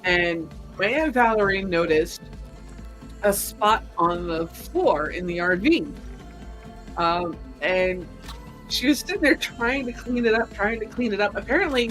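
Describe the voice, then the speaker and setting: A woman's voice: mid-range voice, animated, a little slow, a bit bright, faint music behind, low-quality recording. A woman co-host in casual chat who tells stories, swears and laughs easily. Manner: laughing, profane storyteller.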